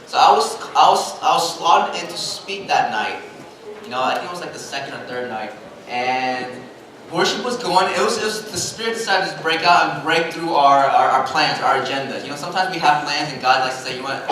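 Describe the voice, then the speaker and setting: Animated pastor in an echoing hall. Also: male voice, fairly high pitch, slight background noise. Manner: animated, self-mocking storyteller who laughs at his own jokes. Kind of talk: sermon with storytelling. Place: large church sanctuary. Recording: echoey hall, mic at a distance.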